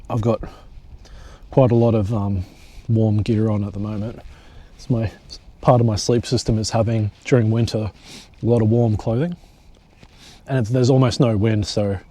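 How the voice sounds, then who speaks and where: At a bush campsite, a young hiking vlogger films his overnight hike, chatting casually to camera in a solo vlog with occasional jokes and swearing. His voice is fairly low with a dark tone.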